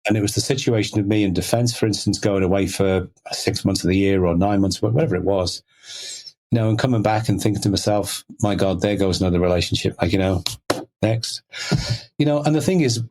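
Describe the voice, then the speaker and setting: Brief: middle-aged man, lowish voice, chatty interview guest, loose and rambling. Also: a little fast, darkish tone. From Liverpool, England. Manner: rambling, many "you know" fillers. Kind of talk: conversational storytelling.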